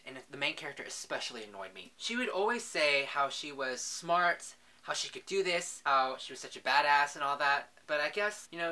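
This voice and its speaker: A man's voice: on the high side, sharp tone. A young man in a casual book vlog, talking in a chatty, gushing way and often saying "literally". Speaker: book vlogger.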